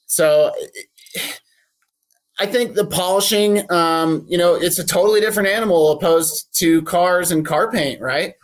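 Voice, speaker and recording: A man's voice: high voice, a little slow. A man who runs a boat detailing shop, speaking in a casual podcast interview in a friendly, practical way with plenty of fillers.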